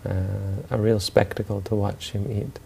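Brief: male storyteller, dark gravelly voice, relaxed and unscripted. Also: on the low side, moderate pace. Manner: loose, with fillers and restarts. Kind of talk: spoken storytelling talk.

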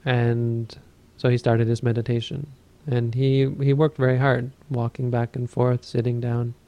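A man who teaches Buddhism, giving a dharma talk and telling a story in a calm, measured way. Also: medium pitch, muffled recording.

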